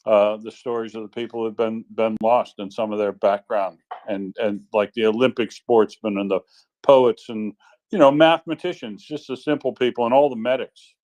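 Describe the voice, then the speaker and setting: A man co-hosting an online chat who speaks haltingly and restarts his sentences often. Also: fairly low pitch, steady tone, a little mellow. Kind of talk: casual chat.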